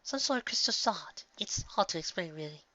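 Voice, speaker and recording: A brash young alien girl with a shrill, bright voice, as a male reader puts her on. She darts high above his usual register. The recording is dull and lo-fi. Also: animated, fairly quick, dry recording, heavily acted. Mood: evasive. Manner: shrill, bursts out.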